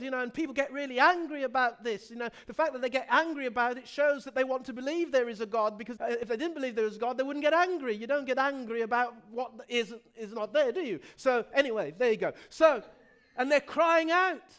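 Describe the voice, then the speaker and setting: A man, the pastor of a church, preaching a sermon with passion, moving from loud emphasis to soft pleading and often repeating himself. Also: very high voice, a little fast. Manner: repeats words and restarts phrases.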